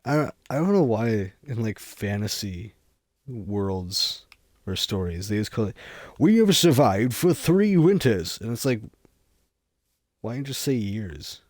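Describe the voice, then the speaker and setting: A man streaming a game live, rambling and goofy in a deadpan way. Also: lowish voice, a little slow, long pauses, no echo, clean studio sound.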